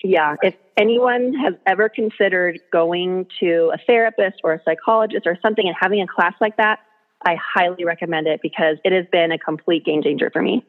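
A woman's voice: on the low side, brisk. A woman, a mother and blogger, telling parenting stories in an earnest, chatty way. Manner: earnest, storytelling, acts out her kids' voices. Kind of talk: casual interview chat. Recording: tinny phone-line sound.

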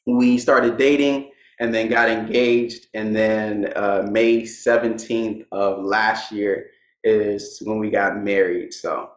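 A young man, a guest in a casual interview, telling his stories in a relaxed way and laughing often. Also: lowish voice, slow, echoey room, poor audio.

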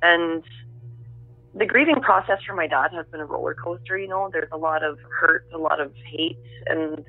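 A woman giving an interview over the phone, telling her story in a halting, reflective way. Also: low-pitched. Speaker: interviewee, daughter of the subject. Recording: narrow tinny phone line.

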